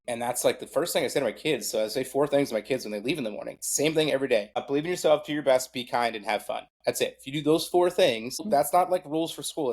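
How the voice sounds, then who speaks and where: A man's voice: medium pitch, darkish tone. A middle-aged man, a guest on a podcast, talking casually about sports in a rambling way full of fillers and self-deprecating asides. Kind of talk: casual conversation.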